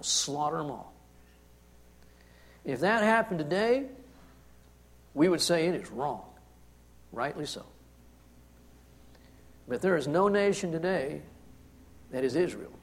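A man preaching with a somewhat high voice. He moves between quiet, reflective remarks and forceful, emphatic passages, often repeating words for weight. It sounds like a pastor expounding scripture to a congregation. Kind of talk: sermon.

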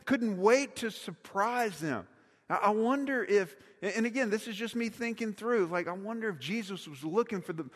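Pastor preaching in a hall. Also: male voice, fairly high pitch. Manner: conversational preaching with repeated phrases for emphasis. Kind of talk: sermon. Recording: long reverb of a large hall.

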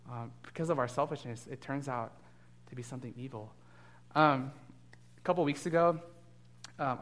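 Man, pastor, sermon, conversational, ums and uhs, animated quotes, church. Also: mid-range voice. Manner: conversational storytelling with frequent fillers; gets loud and animated when quoting. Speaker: guest pastor.

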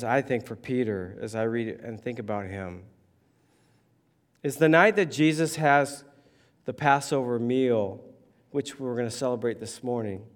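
A man preaching a sermon as a pastor, telling a story with lively shifts and acting out the voices of those he quotes. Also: medium pitch.

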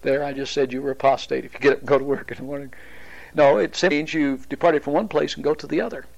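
A man teaching a Bible study, explaining at a deliberate pace with pauses and restarts. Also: a little high, fairly even intonation, vocal fry, lo-fi sound.

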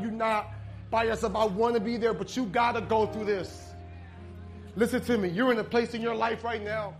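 A man preaching a sermon, telling a story in a conversational way that swings between loud emphasis and hushed intensity. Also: very high voice.

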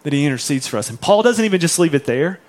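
Conversational man preaching, slightly high voice. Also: animated, fast. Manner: conversational, emphatic, asks the congregation "right?". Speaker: pastor. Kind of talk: sermon. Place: church.

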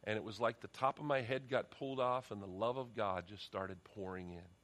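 In a church sanctuary, a middle-aged pastor delivers an earnest sermon and then leads a prayer. His voice is fairly low, fairly quick and fairly bright, and he often repeats words as he starts a sentence.

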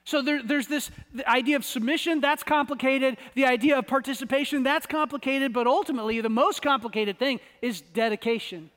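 A man's voice: very high-pitched, brisk, hardly any pauses, fairly bright tone, long reverb tail. A man from the United States preaching a sermon, conversational and often repeating words as he searches for the phrasing. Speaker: pastor.

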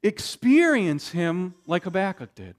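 A man preaching a sermon, emphatic, with dramatic pauses and frequent restarts. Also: sits high, very animated. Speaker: pastor.

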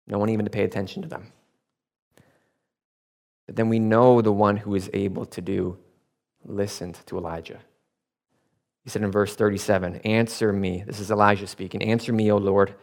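Low-voiced male pastor preaching. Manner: scripture reading building to emphatic swells, then relaxed storytelling. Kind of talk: sermon.

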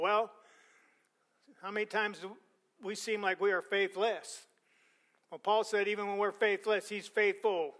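A man preaching a sermon, reading scripture aloud, repeating words for emphasis and letting his voice fall softly at the ends of phrases. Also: high-pitched, steady tone. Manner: repeats words for emphasis, quick conversational asides.

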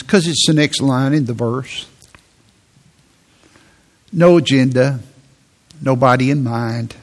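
A man's voice: mid-range voice, slow pace, pauses often. A man preaching a sermon in an earnest tone, often repeating words as he presses a point.

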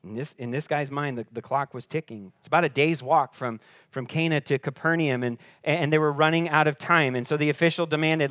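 This pastor delivers his sermon a little fast and with real earnestness. He pushes his pitch and volume up for emphasis, then goes quiet, repeating words whenever he restarts; there's no reverb on the recording.

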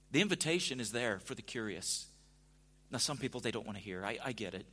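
A man preaching a sermon in a conversational way, dropping to a hush at times and rising to emphatic points. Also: mid-range voice, quick pace, husky. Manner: conversational, swings from hushed to emphatic. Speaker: pastor.

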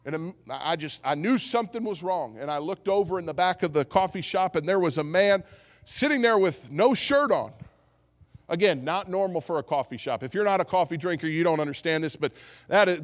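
A man preaching a sermon as pastor, telling a story with animated delivery and acting out what people said. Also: fairly high pitch. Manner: storytelling, animated, acts out quotes. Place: church sanctuary. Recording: church hall with long reverb.

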